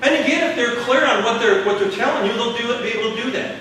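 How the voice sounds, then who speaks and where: Texan male teacher lecturing a class, bright tone, recorded far off in a reverberant room. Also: very high voice, fast, a little hiss or hum. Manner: lively, asks the class questions, acts out little dialogues. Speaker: college instructor. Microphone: far room mic.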